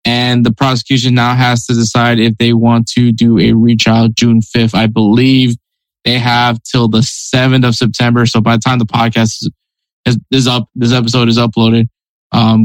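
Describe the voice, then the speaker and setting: A man's voice: medium pitch, no room sound, rough recording. Man hosting a sports podcast. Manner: conversational, hedging, reads headlines. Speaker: podcast host. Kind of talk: podcast news chat.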